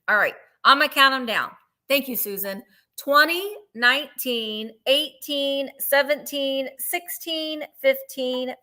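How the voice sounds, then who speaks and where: Bright chatty woman selling vintage. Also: high-pitched. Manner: chatty, gushing over items, counts down bids. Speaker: live sale co-host. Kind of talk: live online sales chat.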